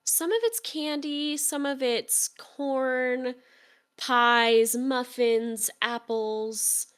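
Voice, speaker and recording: Bright, chatty woman game master. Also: high-pitched, fairly even intonation, extremely slow, clean tone. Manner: casual, chatty, with fillers and laughs. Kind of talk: narrating a tabletop game.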